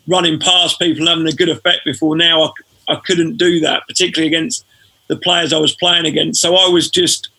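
A man, a former footballer telling stories as a podcast guest in a relaxed way. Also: on the high side, brisk, gravelly, husky. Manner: relaxed storytelling, frequent fillers. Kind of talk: casual podcast interview.

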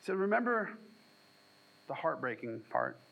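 A man's voice: a little high, very animated, unhurried, vocal fry, muffled recording. A man preaching a sermon in a casual, jokey way, slipping into sarcastic voices when he quotes people. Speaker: pastor.

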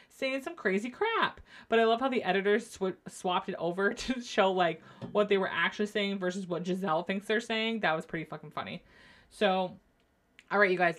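A woman's voice: medium pitch, fairly bright tone. A woman hosting a solo podcast, chatting casually and opinionatedly, swearing freely. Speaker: podcast host.

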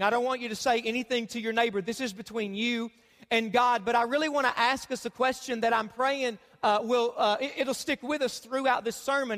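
A pastor in his thirties with a strikingly high voice delivers an animated sermon, teasing the congregation. His voice rings out through a large church hall with a long, trailing reverb. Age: 30s. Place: church sanctuary.

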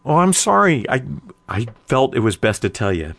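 A man's voice: medium pitch, big pitch swings, normal speed, a bit bright, no echo. A man playing a blunt brother who apologizes sheepishly. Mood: apologetic. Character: plain, apologetic adult brother.

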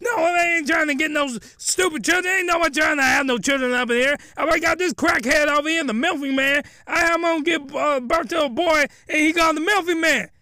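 A man voicing a ranting, angry middle-aged stepfather who yells indignantly. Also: high-pitched, fairly quick, clean tone, no room sound. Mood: angry shouting. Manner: yelling, indignant, scolding.

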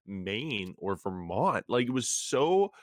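A young man co-hosting a podcast, chatting casually about a TV show, talkative and quick to laugh. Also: on the low side, very animated, no room sound, studio quality. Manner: chatty, laughs often, trails into restarts. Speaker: podcast co-host. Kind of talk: casual chat recapping a TV show.

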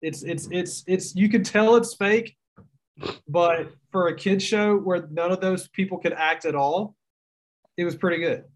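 Southern-accented young man, slightly high voice. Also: fairly even intonation, a little slow. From Mississippi. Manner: drawling storyteller, self-mocking. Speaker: guest writer. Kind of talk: casual podcast chat.

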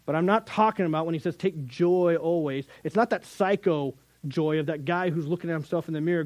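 Middle-aged guy preaching, earnest and chatty, kinda high voice, dry sound. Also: fairly quick, hardly any pauses, a little mellow, no room sound, rough recording. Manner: earnest, conversational preaching with sudden emphatic rises. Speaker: youth Bible teacher. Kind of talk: sermon.

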